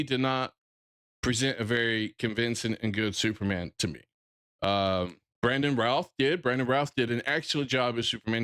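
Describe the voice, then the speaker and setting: A man's voice: medium pitch, pushed and bright. A man with a Southern drawl ranting bluntly on a casual livestream, swearing freely and often restarting his sentences. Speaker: streamer.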